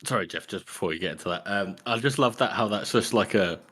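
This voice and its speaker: A man co-hosting a book podcast, chatting casually and acting out quick everyday reactions with laughs. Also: on the low side, a bit bright. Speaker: podcast co-host. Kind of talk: casual chat.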